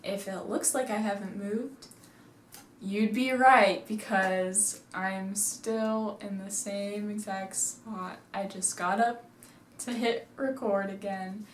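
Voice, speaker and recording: This woman talks slowly in a mid-range voice with fairly even intonation, and the recording has a faint hiss or hum plus room echo. Sitting indoors at home, she chats her way through a movie review, retelling the story in a rambling way full of "like."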